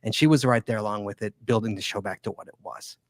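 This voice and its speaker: A man's voice: lowish voice, quick pace, dry recording, studio quality. A man hosting a casual podcast, talking in a rambling, stop-start way. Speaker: podcast host.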